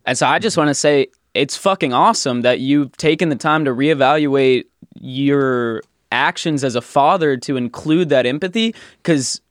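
A man's voice: mid-range voice, normal speed, dry recording, clean studio sound. A man co-hosting a podcast, supportive and encouraging, swearing casually in candid conversation. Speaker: podcast co-host.

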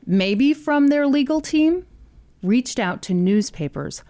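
A woman's voice: high voice, lively intonation, slow pace, dark tone. A woman podcast host telling a story in a casual, chatty way, laughing between lines.

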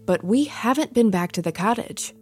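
A woman voicing a calm wife and mother who speaks soothingly to settle her angry husband. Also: mid-range voice, moderate pace, breathy edge. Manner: soothing, reassuring.

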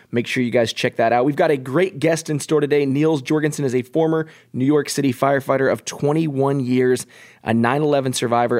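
A man hosting a podcast, relaxed and easygoing, reading a sponsor plug and introducing a guest. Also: mid-range voice. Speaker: podcast host. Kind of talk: casual chat and scripted sponsor read.

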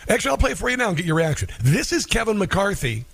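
Male talk radio host, sarcastic, slightly higher voice, dead-dry studio sound. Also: very animated, fast talker, vocal fry, fairly bright tone, slightly rough, dry recording. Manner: mocking, interrupts clips with wisecracks.

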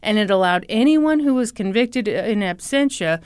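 A woman telling a true-crime story in a loose, sarcastic way, salting it with profanity as she goes. Her voice sits at an ordinary middle pitch. The recording is dry and close, with almost no room sound. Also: moderate pace, clean tone, no echo. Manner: profane, sarcastic, animated retelling. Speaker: podcast host.

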